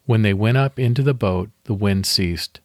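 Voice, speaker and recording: A man hosting a devotional podcast, reading scripture slowly and leading a guided meditation. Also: on the low side, a little mellow, no room sound, clean studio sound.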